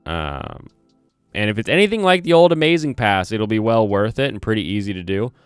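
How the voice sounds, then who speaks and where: Speaking fairly quickly with lively intonation, this streamer has a lowish, smooth voice, a slight Southern US twang and no echo. He hosts a casual livestream on a close desk mic, rambling, correcting himself and reading chat aloud while lo-fi music and typing sound softly.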